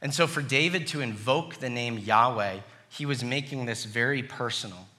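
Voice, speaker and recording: A middle-aged male pastor delivers a sermon in a bright, clear voice at an ordinary pitch. He reads scripture slowly and deliberately, then moves into personal stories, acting out the voices of the people in them.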